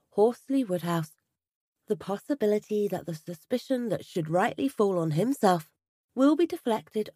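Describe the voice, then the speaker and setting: Expressive woman reading a story aloud. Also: medium pitch, no echo, clean studio sound. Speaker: narrator.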